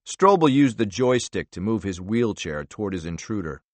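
Low-key male audiobook narrator. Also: animated, moderate pace, hardly any pauses, dry recording. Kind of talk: scripted narration.

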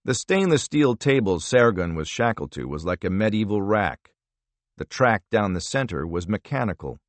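A man narrating a thriller audiobook in a measured, expressive storytelling manner. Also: fairly low pitch, no echo.

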